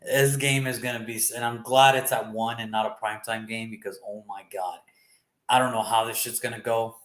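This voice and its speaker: Man, casual sports chat host, bright voice, echoey room, rambling and swearing. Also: lowish voice, fairly quick. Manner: rambling, animated, swears freely.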